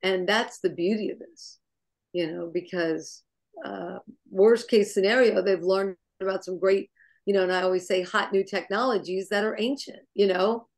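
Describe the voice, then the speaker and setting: A woman sharing business advice on a group call, bubbly and energetic, laughing between points. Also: mid-range voice, normal speed. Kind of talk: enthusiastic motivational chat.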